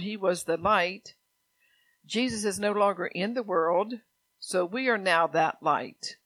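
A man with a notably high voice delivers a sermon in an easy, conversational way. He repeats key lines and keeps checking in with the congregation. At times he swells into loud, emphatic exhortation. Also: no echo. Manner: conversational preaching, repeats lines, frequent "all right?"; grows louder and more emphatic when exhorting. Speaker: pastor.

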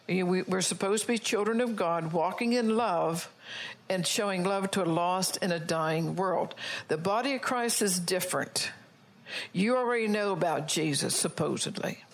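A woman with a fairly low voice preaches a sermon, emphatic and scolding in tone. She calls on the congregation to agree with her and slows down whenever she quotes scripture.

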